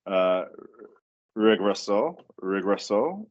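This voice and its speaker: Man, language student, hesitant, lots of fillers, very slow pace, dull call audio. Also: fairly low pitch, sing-song. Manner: hesitant, repeats words while practicing, many fillers. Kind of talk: online one-on-one lesson.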